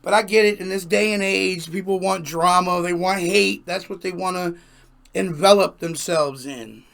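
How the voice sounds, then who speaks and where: A man's voice: sits high, normal speed, vocal fry, a bit bright. A man hosting a music reaction video, talking in casual, emphatic commentary and repeating himself for effect.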